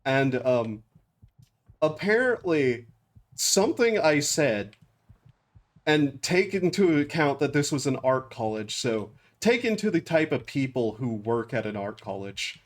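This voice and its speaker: A young man streaming a game, telling a rambling story with frequent laughs and flat acted-out quotes. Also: medium pitch, measured pace. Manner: rambling, laughs often, acts out quotes flatly. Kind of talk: casual storytelling while gaming.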